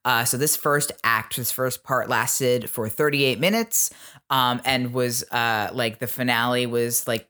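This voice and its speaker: A man hosting a podcast who tells a history story in loose, chatty fashion, filling pauses with ums. His voice sits at a middling pitch. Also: fairly even intonation, sharp tone, smooth. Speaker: podcast host. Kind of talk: casual storytelling chat.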